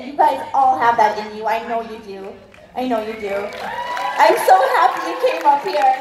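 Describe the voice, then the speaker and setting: A woman's voice: sits high, animated, moderate pace, recorded from a distance. A woman giving a motivational stage talk at a large event, speaking in an effusive, gushing way. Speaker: keynote speaker. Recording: echoey hall from afar with crowd.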